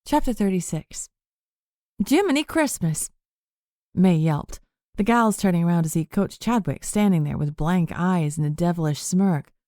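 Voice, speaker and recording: A woman narrates an audiobook in a steady, even way. Her voice sits low. The recording is close and completely dry. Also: normal speed, no echo. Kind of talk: scripted narration.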